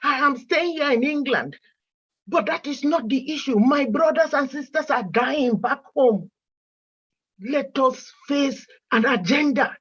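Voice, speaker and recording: A woman's voice: high-pitched, unhurried, dull audio. A woman speaking with emotion on a video call, pleading and asking the same questions again and again. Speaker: caller in an online meeting. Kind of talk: impassioned plea.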